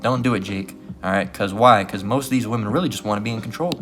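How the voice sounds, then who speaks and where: A man's voice: lowish voice, fast talker, over music. Blunt, profane male street preacher. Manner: blunt, profane, repeats "all right" often. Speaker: religious teacher. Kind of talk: casual preaching lesson.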